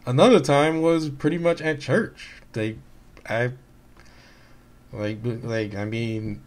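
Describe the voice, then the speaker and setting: A man's voice: medium pitch, slow. Rambling, candid man vlogging. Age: late 20s to 30s. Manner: rambling with many restarts and fillers; candid and hurt, recounting quotes in a flat voice. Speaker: gaming YouTuber. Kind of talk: casual personal vlog talk.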